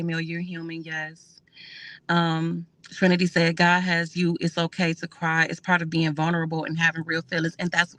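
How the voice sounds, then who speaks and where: A woman, hosting a casual livestream and answering viewer comments in a soft, conversational way. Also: fairly low pitch, no echo. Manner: reads out comments and answers them warmly, with fillers. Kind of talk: casual emotional livestream chat.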